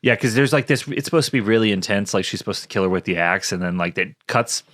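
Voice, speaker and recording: A man's voice: lowish voice, fast talker, fairly bright tone, no echo, clean studio sound. A man co-hosting a casual movie podcast, recapping the plot from his notes with wry asides. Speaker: podcast co-host.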